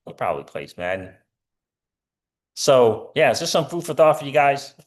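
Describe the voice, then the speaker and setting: A man's voice: mid-range voice, sing-song, moderate pace. A middle-aged man hosting a casual crypto livestream, rambling with lots of fillers and answering viewer comments.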